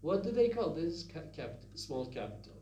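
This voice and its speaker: A man's voice: fairly high pitch, big pitch swings, a little fast, warm tone, distant mic. A man teaching phonetics in a recorded lecture, repeating sounds and words and asking the listeners questions. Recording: echoey room with faint hum.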